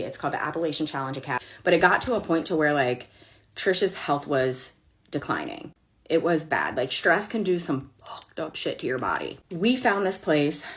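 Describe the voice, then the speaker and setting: A woman in her thirties telling a long storytime with blunt, sassy, profane asides and exasperated outbursts. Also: low voice. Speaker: storyteller vlogger. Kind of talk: casual storytime rant.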